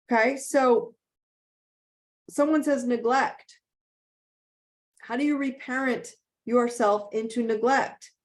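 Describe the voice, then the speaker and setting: On a video call, a woman leads a motivational coaching session with Q&A, speaking emphatically, repeating key phrases and checking in often with "okay?". Her voice is on the high side with a darkish tone.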